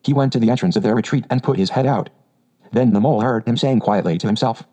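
Male audiobook narrator, measured and even, dark mellow tone, slightly muffled recording. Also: medium pitch.

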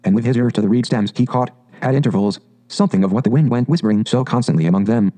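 A man narrating a classic storybook in an even, unhurried audiobook reading. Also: medium pitch, low-quality recording.

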